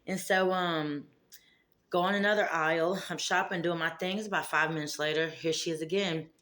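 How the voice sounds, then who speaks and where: A woman, telling a story in a casual vlog and acting out the dialogue with big jumps in her voice. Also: normal speed. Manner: animated, acts out dialogue with big pitch jumps. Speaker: vlogger.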